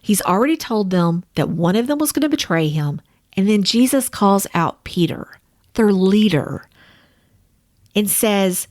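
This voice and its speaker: A woman's voice: mid-range voice, animated, unhurried. A woman teaching a Bible study in a conversational way, speaking to her listeners as friends. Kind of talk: casual teaching.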